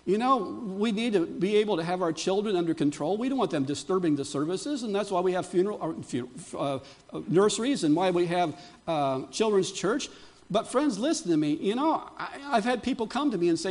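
A male pastor preaches to his congregation in a high, expressive voice at a moderate pace. Quieter storytelling builds to emphatic, fervent peaks, and he restarts his sentences often.

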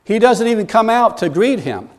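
A high-pitched man preaching to his congregation. He tells stories and often climbs into loud, animated stretches of emphasis. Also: normal speed. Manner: storytelling preacher, rising to loud animated bursts. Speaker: pastor. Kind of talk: sermon.

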